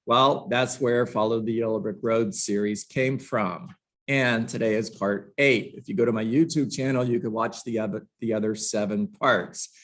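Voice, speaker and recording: A man's voice: fairly low pitch, fairly even intonation, normal speed, fairly bright tone. A man teaching a live book-study lesson to a room of agents, passionate and emphatic, with sarcastic asides. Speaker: real estate trainer.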